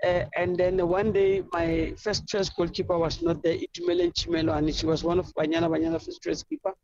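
A woman's voice: lowish voice, fairly quick, darkish tone, no echo, muffled recording. A South African woman football coach answering interview questions in an effusive, rambling storytelling way.

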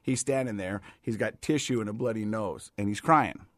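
A middle-aged man from the United States hosting a casual chat, an animated storyteller who often repeats words. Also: on the low side, normal speed, dry recording. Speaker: podcast host.

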